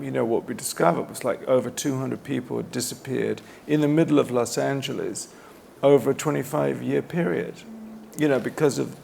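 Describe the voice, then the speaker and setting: A man with a strongly gravelly, creaky voice, speaking on a panel. He talks in a relaxed, reflective way, filling pauses with "you know". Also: medium pitch, a little hiss or hum. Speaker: documentary filmmaker on a panel. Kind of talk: casual panel discussion.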